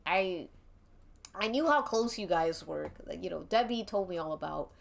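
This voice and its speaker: A woman's voice: on the low side, expressive, normal speed, creaky. A woman voicing a nervous young adult student who stammers evasive excuses in an interactive mystery game. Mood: sheepish.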